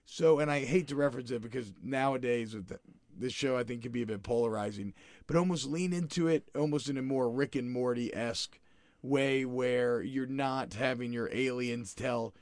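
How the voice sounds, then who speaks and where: A man's voice: mid-range voice, moderate pace, a little mellow. A man talks through a film with friends in a loose, rambling way, circling back on his own thoughts and throwing questions at the others. His voice sits in an ordinary middle range. The sound is close and dry, with no room echo. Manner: rambling, self-correcting, questioning. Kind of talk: casual film discussion.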